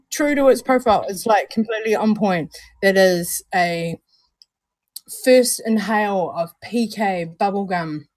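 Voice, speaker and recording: A woman's voice: mid-range voice, dry recording. A New Zealand woman co-hosting a casual livestream, chatty and bubbly, calling viewers darling and honey. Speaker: vape show co-host.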